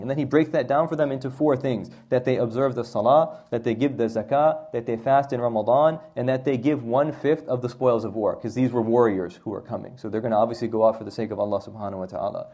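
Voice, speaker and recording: Male religious teacher, warm tone, lively lecturing with rhetorical checks to the class. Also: medium pitch. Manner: animated, asks rhetorical questions, often adds "right?". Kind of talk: Islamic history lecture to a class.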